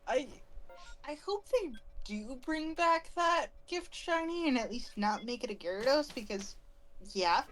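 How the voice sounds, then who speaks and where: A British woman with a high voice talks loosely over a game she is playing. She keeps a chatty, self-mocking tone and often restarts her sentences mid-thought. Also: lively intonation, measured pace, a bit bright, faint music behind, poor audio. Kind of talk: casual gameplay chat.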